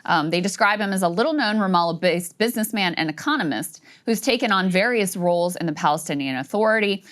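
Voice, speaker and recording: A woman's voice: lowish voice, lively intonation, quick pace, a bit bright. A middle-aged woman co-hosting a political news show, talking in an indignant, conversational way with fillers. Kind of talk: casual political commentary.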